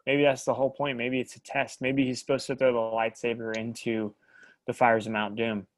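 Animated man rambling on a podcast. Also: medium pitch, moderate pace, no room sound. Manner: animated, rambling, laughs often. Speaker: podcast co-host. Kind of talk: casual chat.

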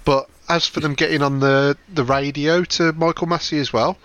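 A man's voice: on the high side, fairly even intonation, normal speed, a bit bright, no echo. A man in a casual panel discussion, speaking with exasperated wit.

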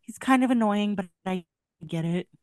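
A woman co-hosting a book podcast in casual chat, bouncing between her own voice and goofy impressions of characters. Her pitch sits in a middling range and the sound is dry and close. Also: normal speed, dry recording. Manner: animated, acts out characters in silly voices. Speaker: podcast co-host.

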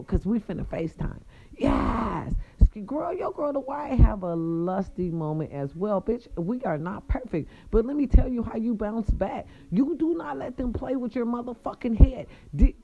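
Husky, gravelly woman telling a story. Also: on the high side, moderate pace, lo-fi sound. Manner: animated, profane, talks straight to viewers. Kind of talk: casual storytelling monologue.

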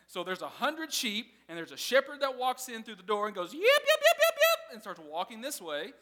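A man's voice: high-pitched, animated, fairly quick, sharp tone, in a large hall. A man preaching a sermon in a casual, conversational way, often laughing as he teaches. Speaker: pastor.

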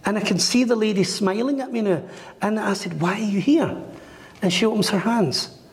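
A man's voice: high voice, a little fast. A middle-aged man working as a medium, telling a story in an interview and acting out the voices of the people in it. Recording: echoey room with long reverb.

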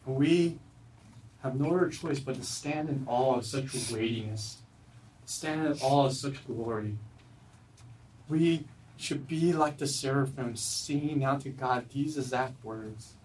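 A man preaching a sermon at a church service, earnest, swinging from loud emphatic lines to low quiet ones. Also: unhurried, recorded from a distance, a little hiss or hum, poor audio. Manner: earnest, rises loud then drops low and soft. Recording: voice from away from the mic.

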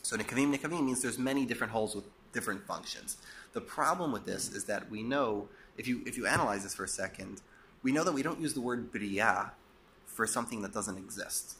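A man teaching a Torah class, explaining and posing rhetorical questions, a bit hoarse and coughing as he loses his voice. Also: fairly low pitch, a little fast, fairly bright tone, a little hiss or hum. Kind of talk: lecture.

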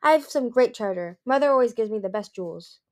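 An eager young dragon princess, read by a woman, bold and quick to jump in. She speaks in a bright, raised storybook voice. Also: a little high, animated, lightly acted.

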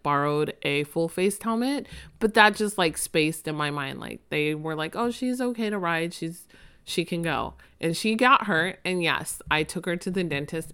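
A woman's voice: low-pitched, a bit bright, clear, resonant tone. A woman in her thirties hosting a podcast, talking chattily and emotionally about family, laughing often. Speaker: podcast host. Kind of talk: casual podcast monologue.

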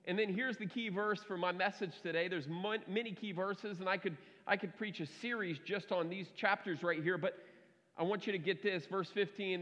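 A pastor preaching a conversational, emphatic sermon, heard in a reverberant hall on a dull recording. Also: male voice, high-pitched, steady tone, normal speed, a bit bright.

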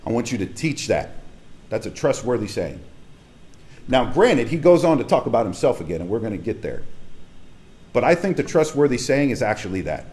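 A man's voice: medium pitch, very animated, fairly quick, a little mellow. A man preaching a casual, conversational sermon as a pastor, speaking emphatically and straight to his congregation in a church hall.

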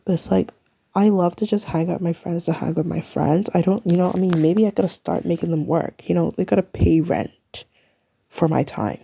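A woman's voice: fairly low pitch, brisk, creaky, breathy edge, muffled recording. A young woman from the UK with an English accent, chatting and rambling through her solo podcast in a self-mocking way. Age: young adult. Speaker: podcast host. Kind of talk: casual solo podcast chat.

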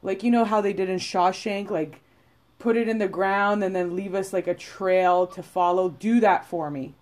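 A woman's voice: mid-range voice, steady tone, moderate pace, a little mellow. A woman, co-hosting a casual podcast and talking bluntly, often profanely, with lots of "like" and "you know". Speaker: podcast co-host. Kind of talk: casual chat.

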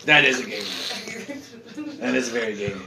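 A man in casual chat, rambling and animated, swearing as he goes. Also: medium pitch, normal speed, vocal fry, crowd noise. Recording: echoey room.

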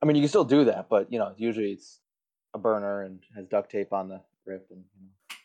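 A man with a slightly low voice trades crude, deadpan jokes as a podcast co-host. His mic sounds dull and lo-fi, with the top end rolled off. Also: a little fast. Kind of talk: casual profane podcast chat.

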